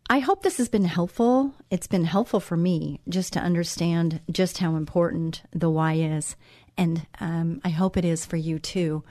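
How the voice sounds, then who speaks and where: Hosting a Christian talk show, this woman delivers a devotional monologue in a warm, encouraging, conversational way, repeating phrases to drive points home. Her voice sits lowish with a darkish tone at a normal speed, recorded in studio quality with no room sound.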